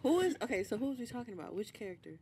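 A young woman on a casual group podcast, sassy and drawling, tossing out deadpan asides. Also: fairly high pitch, rapid-fire, a crowd in the background. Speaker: podcast guest.

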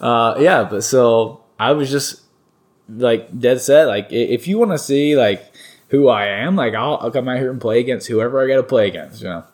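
A young man from North Carolina, a baseball player, telling stories in a relaxed interview, rambling with lots of fillers and restarts. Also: medium pitch, moderate pace. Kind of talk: casual interview storytelling.

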